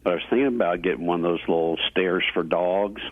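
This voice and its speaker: A man's voice: sits low, fast, husky, no room sound. A man calling in to a radio show, talking plainly about his dog. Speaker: caller. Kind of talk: phone-in chat. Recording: tinny phone line.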